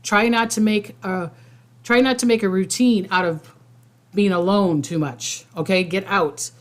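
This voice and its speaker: A woman's voice: mid-range voice, steady tone, a little slow. Rambling woman psychic host. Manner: rambling, many restarts and fillers, reads viewer comments aloud. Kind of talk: casual livestream chat.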